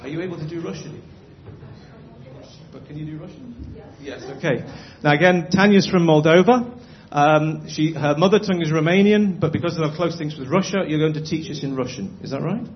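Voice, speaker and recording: A man's voice: a little high, brisk, roomy sound. A man leading a church prayer, then hosting a gathering with encouraging remarks. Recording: dull lo-fi with faint hiss.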